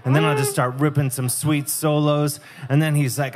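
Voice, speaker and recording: A man performing a crude, deadpan stand-up comedy set on a live music club stage, speaking into a stage microphone. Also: on the high side, moderate pace. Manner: deadpan, crude, rambling storytelling.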